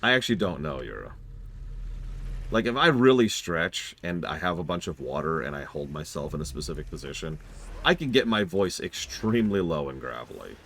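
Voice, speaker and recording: A man live-streaming a game review, talking casually in a chatty, rambling, self-mocking way with quick asides. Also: a bass voice, expressive, a bit bright, a little hiss or hum.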